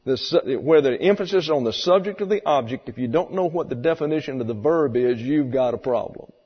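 A man's voice: mid-range voice, expressive, brisk, husky. A man teaching a sermon lecture in a folksy, explanatory way, asking rhetorical questions. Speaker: Bible teacher. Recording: muffled recording in a reverberant hall.

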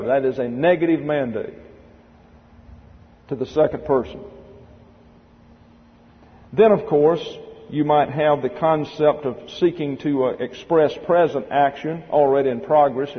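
A man's voice: medium pitch, unhurried, pauses often. A man teaching Greek grammar in a methodical classroom lecture, spelling words out letter by letter. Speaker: Bible teacher. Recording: dull lo-fi recording with long hall reverb.

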